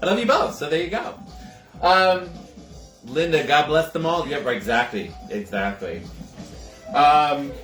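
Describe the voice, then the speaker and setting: A man's voice: fairly high pitch, expressive, a little slow, pauses often, fairly bright tone, echoey room, soft background music. A man hosting a casual livestream cocktail show from his home kitchen, chatting with viewers, greeting them by name and laughing often.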